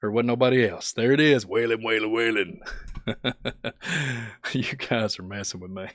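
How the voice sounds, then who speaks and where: Hoarse man chatting on a livestream. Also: medium pitch, measured pace, no echo. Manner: laughs often, greets chat by name. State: sore throat, voice going out. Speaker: livestream host. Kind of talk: casual livestream chat.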